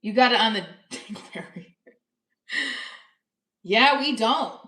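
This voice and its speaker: A woman's voice: on the high side, lively intonation, takes it slowly, a bit bright, echoey room, poor audio. A woman comedian with a New Jersey accent, chatting casually on a live stream, blunt and profane, reading viewer comments aloud.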